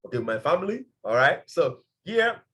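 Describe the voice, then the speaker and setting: Passionate high-voiced male business mentor. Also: very animated, a little fast, bright, forceful tone. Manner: passionate, emphatic, repeats phrases. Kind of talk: motivational training talk.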